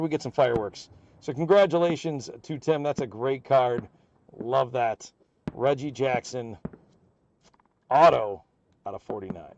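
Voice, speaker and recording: A man hosting a live card break, calling out player names and teams as packs are opened in a steady, upbeat patter. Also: medium pitch, measured pace, pauses often, highs cut off, a little hiss or hum. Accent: American.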